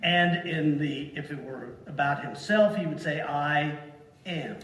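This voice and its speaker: A man preaching a sermon to a congregation, slow and deliberate, leaning hard on single words to stress them. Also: fairly high pitch, fairly bright tone. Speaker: pastor. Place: church sanctuary. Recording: echoey hall from far off.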